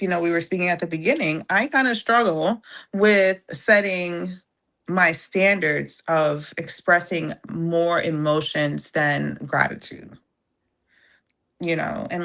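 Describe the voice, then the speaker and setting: Low-voiced reflective woman. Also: a bit bright. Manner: reflective, halting, many fillers. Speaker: podcast guest. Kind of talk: casual conversation.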